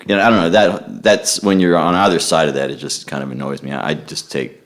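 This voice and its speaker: Very deep-voiced man, rambling casual chat. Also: fairly quick. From United States. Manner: relaxed, rambling, self-interrupting with repeated words. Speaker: guest musician.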